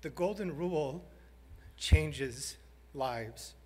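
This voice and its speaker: A man, a high school principal, giving a heartfelt banquet speech and telling a story with some halting pauses. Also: a little mellow, breathy edge. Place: large banquet hall. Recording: hall reverb.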